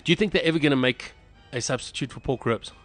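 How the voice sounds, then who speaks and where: A man's voice: medium pitch, fast talker, fairly bright tone, faint music behind. A hungover man co-hosting a casual radio chat show, dry and wry in his banter.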